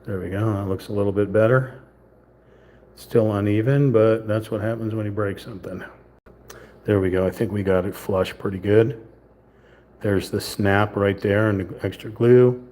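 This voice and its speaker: Male streamer, low voice, easygoing self-talk while building a kit. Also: mellow. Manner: chatty, self-talking, mild southern lilt at times. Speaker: livestream host building a puzzle kit. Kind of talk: casual hands-on build narration.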